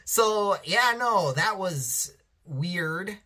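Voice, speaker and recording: A male reviewer chats loosely about a show, swearing freely and circling back with restarts and fillers. His voice is bright and edgy. His pitch rises and falls in lively swings. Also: slow. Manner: rambling, profane, lots of restarts and fillers. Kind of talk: casual review chat.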